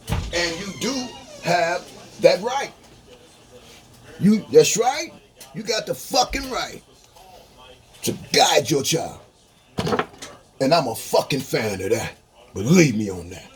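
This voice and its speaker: A man vlogging a profane, heated rant, dropping to low mutters and jumping to high-pitched outbursts. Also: very animated, slow, long pauses. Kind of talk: profane ranting monologue. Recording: noisy, running water tap behind.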